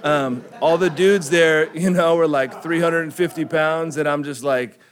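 A man's voice: on the high side, fairly even intonation, measured pace. A young man from California sharing his recovery story with a group, in laid-back slangy talk full of "like" and chuckles. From California, United States. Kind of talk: personal testimony to a group.

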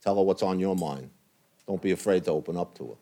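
A man's voice: deep voice, fast talker, dark tone. An older man speaking bluntly and earnestly to a men's recovery group, in plain language with some cursing. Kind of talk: candid talk to a men's group.

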